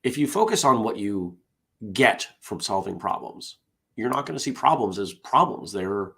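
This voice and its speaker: A man's voice: lowish voice, big pitch swings, moderate pace, vocal fry, fairly bright tone. A man hosting a casual solo morning show. He rambles, interrupts himself, and drifts into side stories between the jokes he reads aloud.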